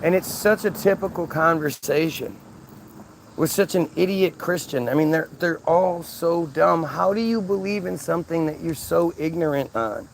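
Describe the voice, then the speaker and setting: Brief: male vlogger, fairly high gravelly voice, profane exasperated storytelling. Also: normal speed, a little hiss or hum. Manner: exasperated, profane, lots of restarts. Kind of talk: casual story-telling rant.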